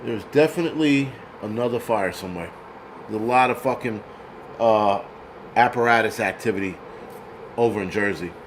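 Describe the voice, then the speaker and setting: A man's voice: lowish voice, normal speed, pauses often, slight background noise. A man hosting his own channel, ranting bluntly and profanely in casual commentary with many restarts. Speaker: channel host.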